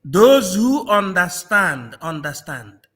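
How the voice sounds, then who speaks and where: A man's voice: high voice, very animated, takes it slowly, a bit bright. A man from Nigeria in a political discussion, mocking and repeating phrases, laughing often. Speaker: panel guest.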